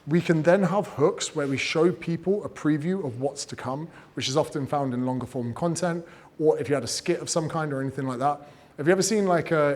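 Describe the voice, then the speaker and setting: A man giving casual, energetic advice on growing an audience, swearing freely and acting out what people say. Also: fairly high pitch. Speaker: fitness and business coach giving creator advice. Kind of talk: casual talk, teaching.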